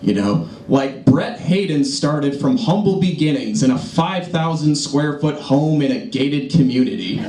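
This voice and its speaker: A young comedian in his twenties with a slightly high voice, working through dry one-liners on stage. He sounds a little distant from the mic, and the lounge echoes. Steady crowd noise sits under him. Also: unhurried, hardly any pauses. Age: 20s. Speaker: stand-up comedian. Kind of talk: stand-up comedy set. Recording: echoey lounge, noisy live audience.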